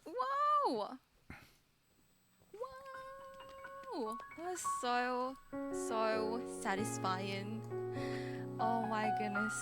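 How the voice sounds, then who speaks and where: A woman's voice: a little high, steady tone, takes it slowly, loud music behind the voice. A woman with a mixed Australian and British accent, chatting casually as a guest on a livestream, bubbly and laughing often. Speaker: guest singer.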